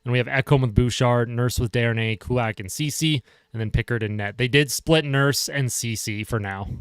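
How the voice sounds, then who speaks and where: Man, live-stream hockey commentary, smooth clear voice, dry close sound, chatty, answers chat. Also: medium pitch, moderate pace, dry recording. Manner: chatty, reads chat aloud and answers viewers.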